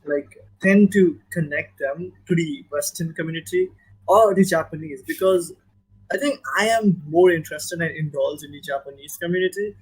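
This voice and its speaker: A man with an Indian accent, part American, talking in a casual podcast chat, animated and given to repeating words for emphasis. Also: fairly high pitch, moderate pace, rough recording. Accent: Indian, mixed with American.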